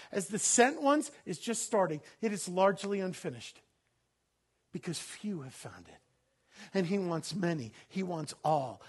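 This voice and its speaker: A man pastor preaching a sermon to a congregation. He swings from loud, laughing bursts to low, solemn scripture reading.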